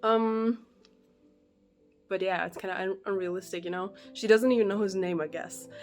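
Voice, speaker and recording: A woman giving her reactions in a casual book vlog, animated and exasperated, laughing often and swearing, recorded on a phone held at arm's length. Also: medium pitch, normal speed, soft background music. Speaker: book vlogger.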